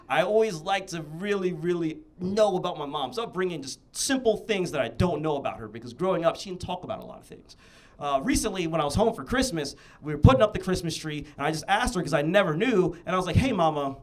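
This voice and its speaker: High-voiced, animated male stand-up comic. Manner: animated, builds to shouted rants. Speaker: stand-up comedian. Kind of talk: stand-up set.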